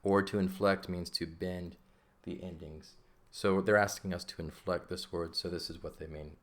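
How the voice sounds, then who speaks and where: Deep-voiced guy walking through grammar slowly, keeps saying okay, relaxed teacher vibe. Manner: patient, repeats points, checks in with "okay?". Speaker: Greek teacher. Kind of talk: casual lesson explaining grammar.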